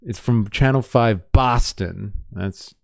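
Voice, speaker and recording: A man's voice: mid-range voice, slow pace, gravelly, slight background noise. A man giving blunt, sarcastic livestream commentary on news and chat messages, swearing freely.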